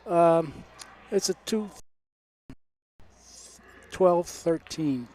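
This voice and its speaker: An older man, a guest in the commentary booth, chatting casually in a rambling, halting way and laughing often. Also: a little high, darkish tone, slight background noise. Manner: rambling, laughing, hesitant with many uhs. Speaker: booth guest, amateur player. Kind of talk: casual chat. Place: commentary booth at a pool hall.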